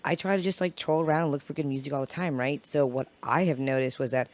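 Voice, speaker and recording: A woman with a naturally raspy voice, a podcast guest talking in a loose, rambling, swearing way. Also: low voice, fast talker, a little mellow. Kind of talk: casual podcast chat.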